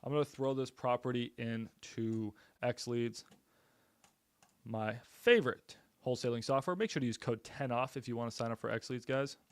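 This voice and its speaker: A man's voice: medium pitch, steady tone, normal speed, smooth, dry recording. Male real estate streamer, blunt and punchy sales patter with loose casual talk, middle voice, dead-dry room. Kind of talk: casual live-stream commentary while cold-calling.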